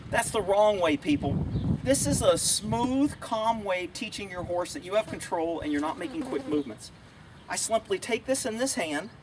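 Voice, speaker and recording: Folksy high-voiced horse trainer outdoors. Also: male voice, animated, moderate pace. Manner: folksy, blunt, talks gently to his horse. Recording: distant camera audio, loud outdoor noise.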